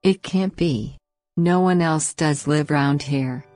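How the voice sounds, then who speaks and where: A woman's voice: low-pitched, slow pace, darkish tone. A woman voicing a group of worried little dwarf men in a storybook read-aloud. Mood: alarmed. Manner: anxious, pleading.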